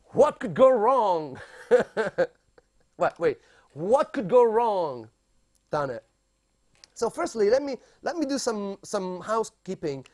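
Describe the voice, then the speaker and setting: Guy streaming from his room, slow and sing-songy, super playful with chat. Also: high-pitched. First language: Italian. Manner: playful, chatty, greets viewers by name. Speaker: music producer streamer, host. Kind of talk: casual live-stream chat. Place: home room in London.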